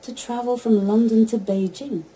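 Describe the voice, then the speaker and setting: A synthetic female voice of an AI assistant giving even, stilted spoken replies. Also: fairly high pitch, moderate pace, a little hiss or hum, low-quality recording. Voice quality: even, stilted text-to-speech delivery.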